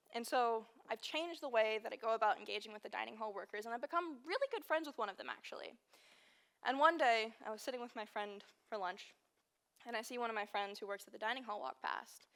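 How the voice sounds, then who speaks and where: A young woman in her early twenties, a student from Texas, delivers a personal speech with earnest conviction. Her voice sits a little on the higher side, and she leans on emphatic repetition to drive her points home. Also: a little fast, fairly bright tone. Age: early 20s. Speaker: student speaker.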